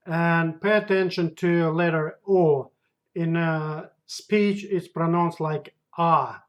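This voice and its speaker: A male language teacher with a Russian accent and a slightly high voice speaks at a very slow, deliberate pace. He says each word with care and repeats it for the learner. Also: a bit bright. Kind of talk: slow spoken language lesson.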